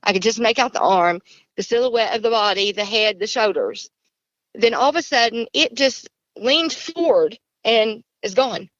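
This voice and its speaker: A woman's voice: on the high side, expressive, moderate pace, no echo. Kentucky woman telling a story, dry dull line. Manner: earnest, rambling, repeats herself. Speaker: caller. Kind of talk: casual storytelling.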